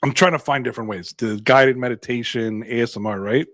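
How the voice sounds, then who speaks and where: A man's voice: medium pitch, fairly quick, fairly bright tone, no echo. A man from Canada co-hosting a sports podcast, talking in a sarcastic, ranting, jokey way. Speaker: podcast co-host. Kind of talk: casual chat.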